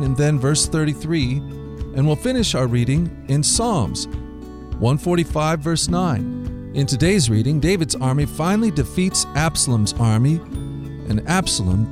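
Higher-voiced man hosting a kids' Bible show. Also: music in the background. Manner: expressive storyteller, slows down for emphasis. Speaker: host of a daily Bible reading show for kids. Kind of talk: scripted Bible reading and devotional.

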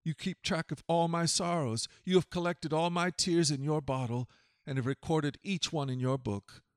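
Male scripture reader, measured, earnest, slightly high voice, dry close recording. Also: fairly even intonation, clean tone, dry recording. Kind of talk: scripted narration.

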